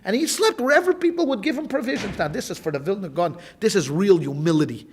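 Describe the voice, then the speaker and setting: A man's voice: high voice, lively intonation, fast, a little hiss or hum. A man teaching a Talmud class as a rabbi, telling a story in a loose, informal way, with many restarts and repeated phrases.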